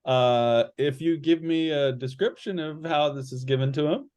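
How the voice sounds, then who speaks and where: A man's voice: on the high side, moderate pace, darkish tone, smooth. A man narrating as game master in a tabletop game, meandering and full of fillers.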